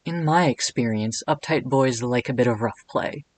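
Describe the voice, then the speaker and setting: A man doing an impression of an actor playing a flirty, seductive cat king, speaking low, soft and slow. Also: natural voice. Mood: teasing.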